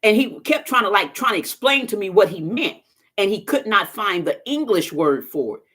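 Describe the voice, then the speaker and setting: A woman's voice: medium pitch, very animated, moderate pace, a bit bright, husky. A woman chatting casually to viewers on a live stream, telling stories in a folksy, talkative way. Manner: chatty storyteller, talks straight to viewers, folksy phrasing. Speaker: vlogger doing a live stream.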